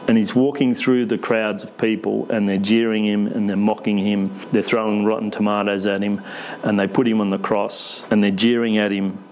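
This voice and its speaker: A man's voice: lowish voice, flat delivery, moderate pace, darkish tone, slight background noise, poor audio. A man preaching a conversational sermon in church, asking the congregation questions with light humour.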